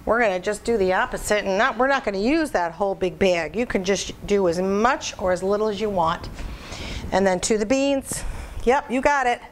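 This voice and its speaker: A woman's voice: medium pitch, moderate pace, a little hiss or hum. A woman hosting a home cooking video, chatting folksily to viewers and laughing at herself as she works. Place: home kitchen.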